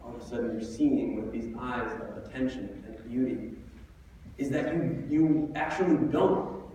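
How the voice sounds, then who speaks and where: A young man speaks earnestly and reflectively to a school assembly. His voice sits at an ordinary pitch and carries a long reverb. He sounds distant from the mic, with faint room ambience behind him. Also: normal speed, mellow, dull audio, slight background noise. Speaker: guest speaker. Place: school auditorium. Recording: echoey hall from far off.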